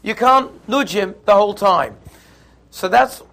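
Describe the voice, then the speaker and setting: A man teaching a Torah class, lively and conversational, who acts out little scenes in voices. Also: sits high, unhurried. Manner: animated, acts out the quarrel in put-on voices.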